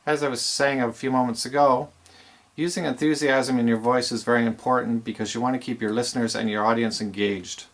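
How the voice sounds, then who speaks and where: A man's voice: medium pitch, fairly even intonation, fairly quick, a bit bright. A man teaching aspiring DJs in a plain, explanatory way with some fillers. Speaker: DJ instructor. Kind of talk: instructional video talk.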